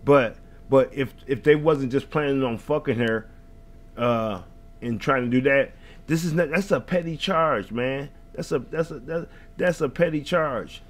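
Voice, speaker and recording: A man's voice: medium pitch, unhurried. A man hosting a reaction video, ranting in heated, profane, rambling casual commentary.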